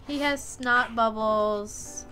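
A woman's voice: a little high, fairly even intonation, drawn-out words, sharp tone, faint music behind. A woman hosting a game playthrough, commenting in a goofy, rambling way. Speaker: let's play host.

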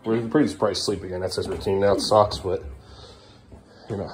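A man's voice: on the low side, very fast, a little mellow, husky. A man, a father, talking casually to his kids at home in a vlog and scolding them firmly and repetitively. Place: family home, indoors.

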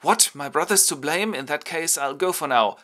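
A man voicing an excitable young nobleman turned robber chief, talking in indignant outbursts in a comic puppet retelling. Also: fairly high pitch, moderate pace, voice pushed up.

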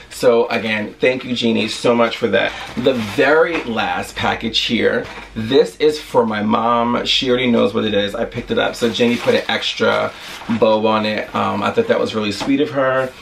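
A man's voice: medium pitch, gravelly, a bit bright, far from the mic, slight background noise. A man talking through a shopping haul in a casual vlog, gushing and rambling with enthusiasm. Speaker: vlogger.

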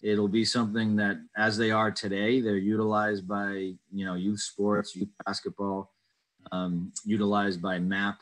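Hesitant low-voiced man on a video call. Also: level tone, unhurried, poor audio. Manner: hesitant, many ums and uhs, careful answers. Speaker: committee chair reading public questions. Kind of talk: online public meeting Q&A.

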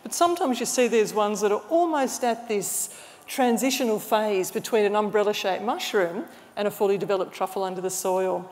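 A woman gives an illustrated public lecture at a middle pitch. She explains with keen enthusiasm and restarts a phrase here and there. Her voice trails a long reverb through a large hall. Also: moderate pace, darkish tone. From Australia. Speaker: mycologist giving a talk.

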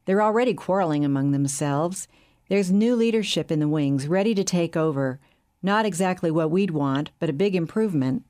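A woman reading the lines of a calm, scheming male bank chief in an audiobook. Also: on the low side, moderate pace, natural voice. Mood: assured. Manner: calm, assured, soothing.

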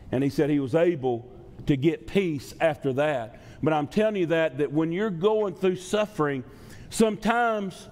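Long church-hall reverb surrounds a male pastor preaching in a sanctuary. He speaks unhurriedly in a slightly high voice with a darkish tone, keeping a conversational style and repeating phrases for emphasis.

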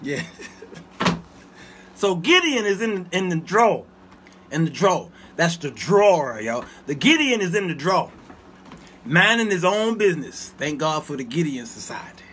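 A man's voice: sits high, a little slow, long pauses, slightly rough. A man hosting his own show, telling comic stories to viewers with frequent laughter and asides to the chat. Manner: animated, laughs often, talks back to viewers. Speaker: show host. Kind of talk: comedic storytelling to a live chat.

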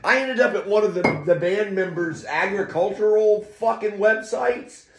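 A man's voice: high-pitched, moderate pace. A middle-aged man rambling in a casual monologue, profane and emotional, with muttered asides and wry laughs. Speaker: poet and vlogger.

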